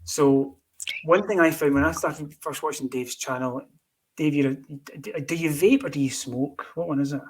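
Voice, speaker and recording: A man hosting a casual podcast chat, upbeat and quick to praise his guests. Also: on the high side, slightly rough. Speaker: podcast host.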